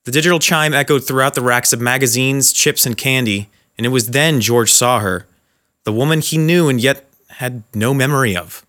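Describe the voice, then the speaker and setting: A man narrating a dramatic short story in a measured, scripted way. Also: medium pitch, fairly bright tone.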